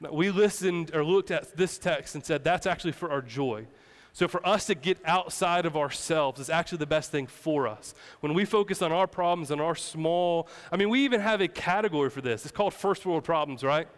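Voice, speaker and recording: A man's voice: on the high side, clear, resonant tone, long reverb tail. A man preaching a sermon as pastor, in a casual, conversational way with playful asides.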